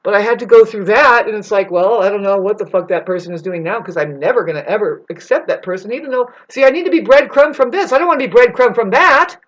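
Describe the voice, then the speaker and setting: A woman's voice: medium pitch, lively intonation, quick pace, few pauses, lo-fi sound. A woman delivering a rambling, profane spiritual monologue to her viewers. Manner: intense, profane, digressive. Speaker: spiritual vlogger.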